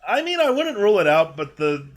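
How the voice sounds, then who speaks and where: A man's voice: high-pitched, big pitch swings, brisk. A young man hosting a casual livestream while playing, rambling with lots of fillers and frequent laughs. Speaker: streamer host.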